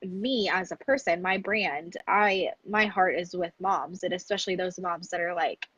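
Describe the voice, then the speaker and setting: Woman coach chatting in an interview, kinda husky, dry close sound, laughs a lot. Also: lowish voice, moderate pace, a bit bright, no room sound, highs cut off. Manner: candid, laughs often, acts out her own past lines. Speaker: business coach for moms. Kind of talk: casual interview conversation.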